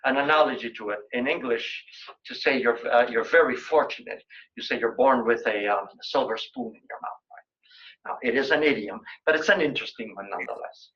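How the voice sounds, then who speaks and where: A man's voice: medium pitch, expressive, a little fast, fairly bright tone, dull audio. An older man giving a colloquium lecture in a lecture room, telling joking anecdotes in a chatty way.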